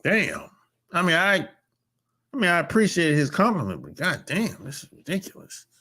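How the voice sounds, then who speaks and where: A man holds forth on his podcast in a casual monologue. He talks bluntly and emphatically, with a lot of swearing. His voice sits a little high and swings widely in pitch. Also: huge pitch swings, moderate pace, bright, forceful tone, husky. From North America. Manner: blunt, profane and emphatic, with sudden pitch jumps. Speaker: podcast host.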